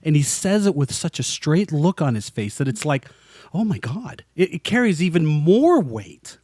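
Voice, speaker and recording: Lively, animated man co-hosting a podcast. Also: fairly high pitch, normal speed, no room sound, studio quality. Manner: enthusiastic, acts out quotes. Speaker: podcast co-host. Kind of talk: casual chat.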